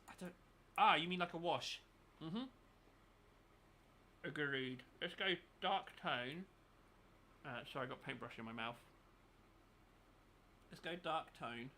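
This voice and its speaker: A man's voice: fairly high pitch, sharp tone, a little hiss or hum. A man chatting casually and thinking aloud as he paints for his channel. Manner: thinks aloud, mutters while working. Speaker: miniature painting channel host. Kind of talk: casual chat while painting.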